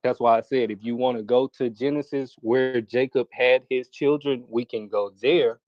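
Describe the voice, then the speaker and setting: Male debater, measured and cautious, lo-fi dull sound with no room. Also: mid-range voice, fairly even intonation, dry recording. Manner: careful, hesitant, restarts often. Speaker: debate participant. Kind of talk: debate, calm and hedging.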